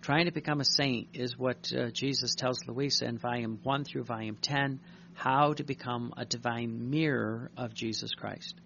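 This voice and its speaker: A man's voice: medium pitch, steady tone, vocal fry, a bit bright, dull audio. A male priest giving a sermon, reading a devotional text aloud and commenting on it in an earnest, repetitive way. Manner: earnest, repeats words, reads aloud slowly then tells stories.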